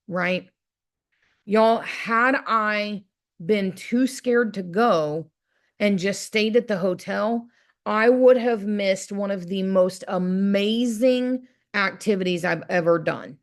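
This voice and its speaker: A woman's voice: medium pitch, slow pace. Chatty woman telling a story. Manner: chatty, keeps asking "right?"; lively, acts out her own inner voice. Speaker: motivational speaker. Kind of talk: motivational storytelling talk.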